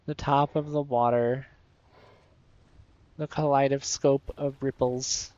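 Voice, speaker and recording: A man's voice: medium pitch, little pitch movement, slow, a little mellow, no echo, dull audio. A man casually commenting on his gameplay, playful and a bit sleepy, chatting to his viewers and the creatures on screen. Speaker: streamer.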